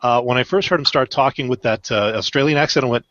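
A man's voice: mid-range voice, quick pace, a bit bright, lo-fi sound. A man co-hosting a casual podcast, telling rambling stories full of fillers and self-corrections. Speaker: podcast co-host.

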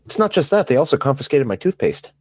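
A man's voice: on the high side, slightly rough, no echo. A man in a casual talk show, speaking bluntly and matter-of-factly. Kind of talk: casual chat.

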